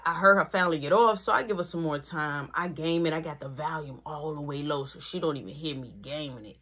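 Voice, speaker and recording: A woman vlogger telling a storytime tale in an animated way, often dropping into whispers. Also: deep voice, brisk, slightly rough. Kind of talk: storytime vlog.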